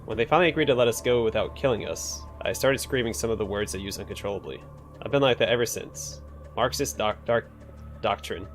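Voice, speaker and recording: A jittery clerk from a role-playing game, read by a man, stumbling over his words and apologizing as he goes. His voice sits fairly low. Faint music plays in the background. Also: fairly quick, close to an everyday voice. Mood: nervous. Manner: stammering, apologetic. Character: nervous male clerk with verbal tics.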